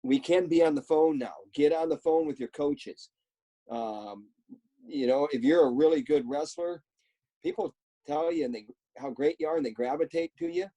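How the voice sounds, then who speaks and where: A wrestling coach giving earnest advice in short, coaching imperatives. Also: male voice, fairly high pitch, normal speed, dark tone, low-quality recording. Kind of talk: motivational advice.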